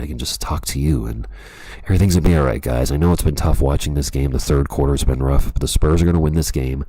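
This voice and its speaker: A late-night radio DJ, with a voice that drops extremely low and rumbles with gravelly fry. The tone is dark, husky and laid-back, and every line comes out slow and soothing like an on-air announcement, close and dry on a desk mic. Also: male voice, no echo. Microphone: USB desktop microphone.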